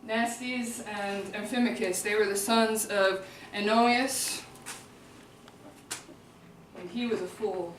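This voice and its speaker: A woman's voice: mid-range voice, steady tone, slow pace, pauses often, far from the mic, slight background noise. A woman with a Chicago accent performs an ancient epic as live storytelling, breaking off for casual, laughing asides. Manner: casual asides and laughter between recited lines. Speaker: performer-translator. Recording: echoey hall recorded from afar.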